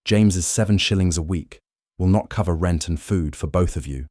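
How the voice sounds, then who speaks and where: A man narrating a bedtime history story in second person, calm and even. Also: deep voice, moderate pace, no room sound, studio quality.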